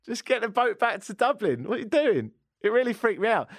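An English radio talk show host tells a casual anecdote at his own expense, his high voice expressive as he talks at normal speed with few pauses. The recording is clean studio sound with no room echo.

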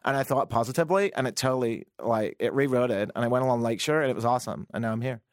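A man's voice: medium pitch, fast, no room sound, clean studio sound, voice pushed down, natural voice. A man voicing a breezy, vague young woman who drawls and leans on "like" and "awesome.". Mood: airy.

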